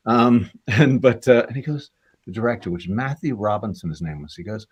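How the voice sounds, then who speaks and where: Deep-voiced Canadian man telling anecdotes. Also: normal speed, breathy edge. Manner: rambling anecdotes, acts out quoted voices. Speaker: actor guest. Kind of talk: casual interview storytelling.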